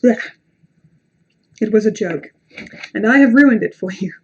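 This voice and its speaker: A woman's voice: mid-range voice, lively intonation, normal speed, husky, lo-fi sound. Self-deprecating British woman streaming. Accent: British English. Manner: rambling, self-deprecating, sweary. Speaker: livestream host reading horror stories. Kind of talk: casual live-stream chat and story reading.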